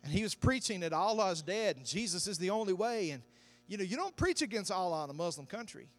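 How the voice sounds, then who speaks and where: A man preaching a sermon, telling a story that builds to loud, shouted climaxes. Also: high-pitched, big pitch swings, quick pace. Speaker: pastor.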